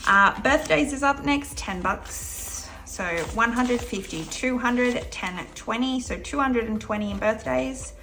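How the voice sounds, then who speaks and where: Australian woman, young adult, Australian accent; crisp bright delivery, chatty and upbeat vlog host. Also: a little high, unhurried, few pauses. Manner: chatty and upbeat, counting cash aloud. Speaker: budgeting vlogger. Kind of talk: casual vlog narration.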